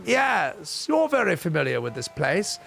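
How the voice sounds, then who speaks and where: A man's voice: sits high, wildly swooping pitch, unhurried, vocal fry, fairly bright tone, a little hiss or hum, voice pushed up, heavily acted. A man voicing a desperate, rude old English woman with an English accent, haughty and insulting. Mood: pleading.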